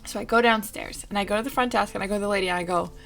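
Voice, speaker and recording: A young woman tells a casual storytime to her viewers, animated and quick to swear. Her voice sits at an ordinary middle pitch. Faint music plays quietly underneath. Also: vocal fry. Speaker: vlogger and streamer.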